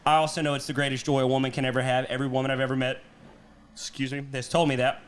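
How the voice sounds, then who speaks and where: A podcast host and comedian tells a long comic story in a casual storytelling chat, full of swearing and laughter. His medium-pitched voice is clean-toned and flat, and he races through it.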